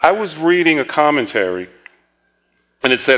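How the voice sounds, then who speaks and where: A man's voice: a little high, big pitch swings, moderate pace, long pauses, a bit bright. A man preaching a conversational sermon, telling stories with chuckling asides and repeated words.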